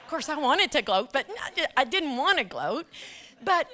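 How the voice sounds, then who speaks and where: A woman, a teacher, telling a personal story to an audience with dramatic pauses. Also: sits high, very animated, sharp tone.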